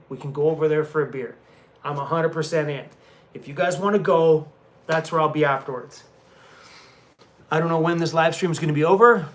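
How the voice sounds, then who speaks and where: A van-life vlogger chats casually with his live-stream viewers from a hotel room, laughing often and talking to his dog. His voice is slightly high and a bit bright.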